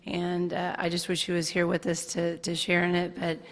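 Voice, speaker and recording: A middle-aged woman speaks at an induction ceremony in a sincere, measured way. Her voice is low and gravelly, and it stays fairly level. The hall gives it a long reverb. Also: completely flat delivery. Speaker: daughter giving a family tribute.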